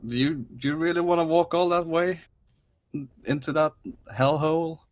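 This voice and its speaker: A man's voice: fairly high pitch, normal speed, dry recording. Male player, casual and hesitant, dry sound. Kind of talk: in-character tabletop play.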